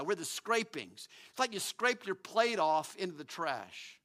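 Bright, high-voiced male pastor preaching. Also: measured pace, few pauses. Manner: animated, emphatic preaching with repeated restarts. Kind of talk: sermon.

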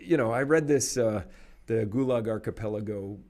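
A man in casual conversation, talking in an animated, opinionated way and laughing often. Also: on the low side, moderate pace.

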